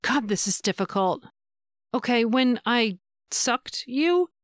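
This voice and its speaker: A woman's voice: fairly high pitch, animated, no room sound, studio quality, pitched above the performer's own voice. A woman doing a shy, hesitant female lover. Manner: hesitant, halting.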